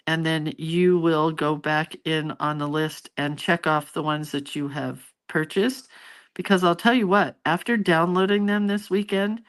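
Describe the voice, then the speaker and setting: Chatty middle-aged woman on a live stream. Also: low voice. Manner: chatty, rambling, reads out viewer comments. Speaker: art teacher hosting a live stream. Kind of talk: casual live-stream chat with viewers.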